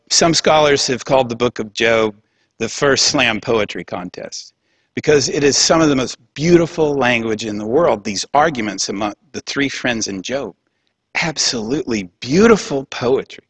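A man's voice: medium pitch, a bit bright, husky, no room sound. A man giving a public lecture in a conversational, humorous way, with laughing asides.

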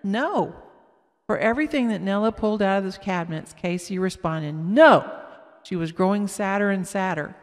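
A woman reading a children's story aloud slowly and carefully, with small slips. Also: mid-range voice. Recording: long echoing reverb.

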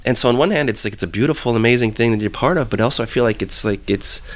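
An excitable man, a film producer, talking in an interview. He has a mid-range voice, restarts sentences quickly and breaks into laughter. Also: medium pitch. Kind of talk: enthusiastic interview talk.

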